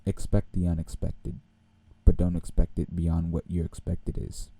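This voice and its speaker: A young man hosting a podcast, telling a rambling, animated story and laughing often. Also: deep voice, a little slow, creaky, husky. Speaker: podcast host. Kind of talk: casual storytelling.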